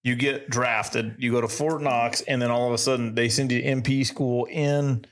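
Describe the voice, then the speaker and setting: A man hosts a relaxed podcast chat, breaking in with jokes and teasing questions. His voice sits at an ordinary mid pitch. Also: normal speed. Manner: joking, teasing interviewer. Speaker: podcast host. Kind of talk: casual interview chat.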